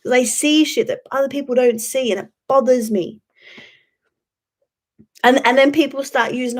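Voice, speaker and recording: A woman's voice: sits high, fairly even intonation, normal speed, pauses often. A woman hosting a casual livestream, rambling, swearing freely and answering chat. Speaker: YouTube livestream host.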